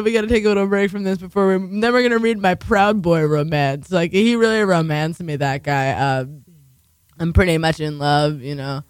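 A woman's voice: medium pitch, dry recording, clean studio sound. A young woman hosting a community radio talk show, rambling and swearing as she tells stories. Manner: profane, rambling, animated. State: tired.

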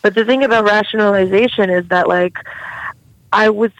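A woman's voice: medium pitch, fairly even intonation, normal speed, no echo, highs cut off. A young woman recounting a personal story in an interview, casual and candid with many fillers. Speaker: guest.

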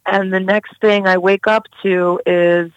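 A woman's voice: medium pitch, little pitch movement, measured pace, no echo, dull audio. A young woman recounting a personal story in an interview, casual and candid with many fillers. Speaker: guest.

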